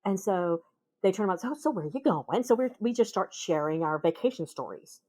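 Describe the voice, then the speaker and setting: Animated storyteller woman with a Minnesota accent. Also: on the low side, quick pace. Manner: animated, acts out voices in her anecdotes. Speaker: guest. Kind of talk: casual storytelling conversation.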